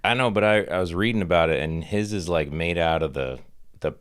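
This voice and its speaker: Low-voiced man talking haltingly. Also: fairly bright tone, smooth. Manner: hesitant, halting speech. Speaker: podcast co-host. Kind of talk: casual podcast chat.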